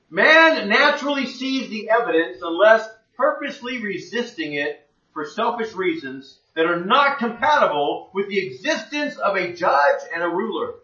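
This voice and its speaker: A man's voice: high voice, bright, forceful tone. A man teaching the Bible in a conversational sermon, plain-spoken and fond of rhetorical questions. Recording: echoey room, distant mic, dull lo-fi.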